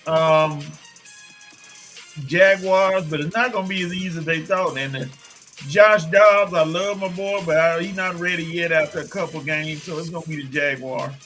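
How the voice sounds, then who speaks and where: A man who is a coach, giving quick, loose picks on a casual sports talk show. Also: on the high side, steady tone, fairly bright tone, soft background music. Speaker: coach, panelist.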